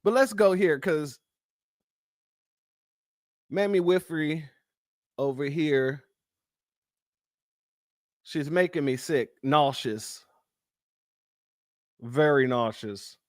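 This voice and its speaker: A man's voice: on the high side, drawn-out words, pauses often, no echo, clean studio sound. A man hosting a reaction commentary show, mocking and incredulous as he talks back at clips. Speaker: commentary host.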